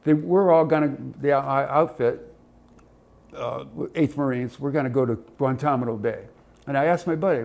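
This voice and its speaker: In an oral history interview, a military veteran from Ohio, USA, in his seventies spins animated anecdotes, acting out voices and sounds. His mid-range voice is creaky and moves at a normal speed.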